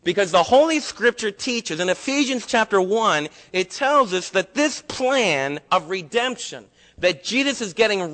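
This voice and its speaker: A man preaching a sermon as a pastor, passionate and emphatic, rising to loud peaks and dropping to soft, low passages. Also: animated, a little slow, big-room sound.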